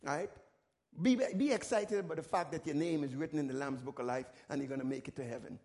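A man voicing a calm, gentle teacher who speaks softly and patiently. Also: a little high, fast talker, pitched below the performer's own voice, lightly acted. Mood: gently calming.

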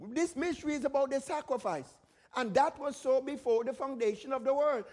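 A male pastor preaching a sermon, repeating phrases in a steady cadence and dropping his voice when quoting scripture. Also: brisk. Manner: repetitive preaching cadence, quotes scripture in a lower voice.

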